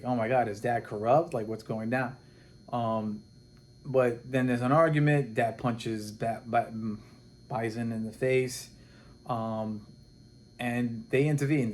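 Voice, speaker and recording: A man casually recapping a comic book plot, animated and rambling, acting out the characters' lines as he goes. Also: medium pitch, a little hiss or hum. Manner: rambling and animated, with many restarts and quoted dialogue.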